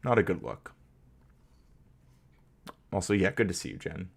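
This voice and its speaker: A man with a lowish voice hosts a live stream and rants through heated commentary. He talks emphatically, swears, and stumbles over repeated words, and his tone stays fired up throughout. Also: very animated, measured pace, vocal fry, slightly rough. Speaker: streamer host.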